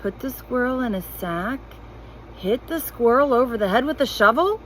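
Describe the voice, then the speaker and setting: A woman's voice: fairly high pitch, lively intonation, moderate pace, slight background noise, close to an everyday voice, rough recording. A woman reading a storybook aloud, voicing a baffled, meek father who keeps repeating what he hears. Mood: despairing.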